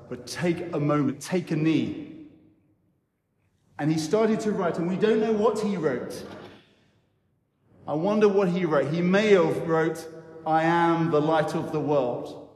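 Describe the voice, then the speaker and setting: Vicar guy preaching in a big echoey church, slow and thoughtful, slightly high voice. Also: a little mellow. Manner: reflective, storytelling with pauses. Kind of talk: sermon talk.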